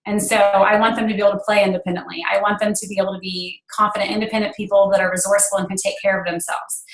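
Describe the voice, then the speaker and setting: A woman's voice: mid-range voice, fairly bright tone, roomy sound, rough recording. A woman in her thirties, a guest speaker on a team call, telling a personal story in an earnest way with many fillers. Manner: earnest, emotional at times, filler-heavy.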